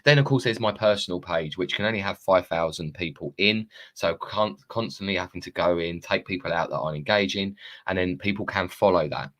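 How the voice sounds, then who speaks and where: A man in his thirties with a low, deep voice chats live to his viewers through a phone. He rambles from thought to thought, drops the odd swear word and laughs at himself. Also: fairly quick, fairly bright tone. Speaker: live-streaming self-help coach. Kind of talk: casual live-stream monologue.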